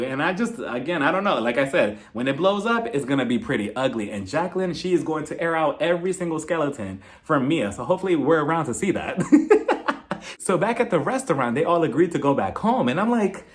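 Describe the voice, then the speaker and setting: Male recap vlogger, gossipy and animated, bright lively delivery. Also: a little high. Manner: chatty and gossipy, quick impressions of cast members, laughs often. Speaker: reality TV recap host. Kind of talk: casual recap vlog.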